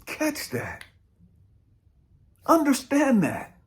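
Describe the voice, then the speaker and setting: Blunt preachy man, lively pitch. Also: drawn-out words. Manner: preachy and blunt, swings between loud and hushed. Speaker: spiritual coach. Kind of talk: motivational talk.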